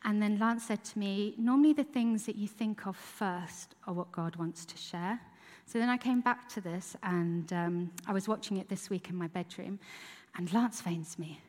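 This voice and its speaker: A woman preaches in a candid, conversational way, telling a story and punching key moments with emphasis. Her voice sits at a medium pitch, and it rings with the long reverb of a large hall. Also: normal speed, few pauses, darkish tone. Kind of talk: sermon.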